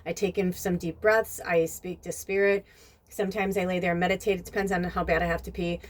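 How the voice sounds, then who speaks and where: A podcast host with a voice on the low side talks a little fast in a rambling, casual monologue full of "like" and "you know." She grows animated when retelling scenes.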